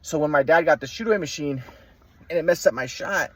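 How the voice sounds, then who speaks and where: A man's voice: fairly high pitch, fairly quick, no room sound. A man telling a story from his youth in a casual monologue, rambling with many repeats and restarts as he demonstrates moves. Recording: clear background noise.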